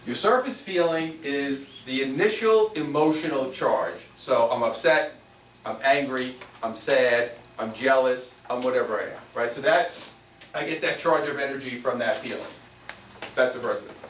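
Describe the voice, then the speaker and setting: A man, a spiritual teacher, giving a lively workshop talk and asking the audience questions. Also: medium pitch, moderate pace. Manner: animated, playful, asks the audience questions. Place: room with a small audience. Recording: roomy, mic at a distance, faint noise.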